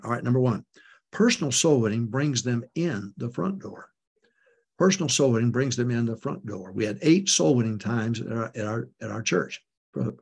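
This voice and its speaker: A man's voice: mid-range voice, creaky, slightly rough. An older man, a pastor, giving folksy, emphatic preaching talk to church leaders, chuckling often.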